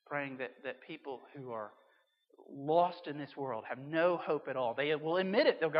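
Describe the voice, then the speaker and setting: A pastor preaching a sermon in a conversational way, with emphatic swings between loud and quiet. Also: male voice, fairly high pitch, expressive, moderate pace. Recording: dull sound with long hall reverb.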